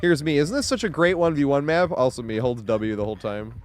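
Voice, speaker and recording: A man's voice: medium pitch, animated, brisk. A young man streaming a game, chatting casually with frequent swearing and laughter. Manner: rambling, swears a lot, laughs often. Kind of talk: casual live-stream chat.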